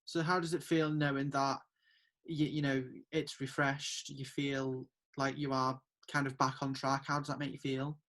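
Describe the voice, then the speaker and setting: A man's voice: medium pitch, flat delivery, normal speed, a bit bright. A young man hosting an interview, speaking in a thoughtful, rambling way. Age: young adult. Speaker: host. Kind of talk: casual interview chat.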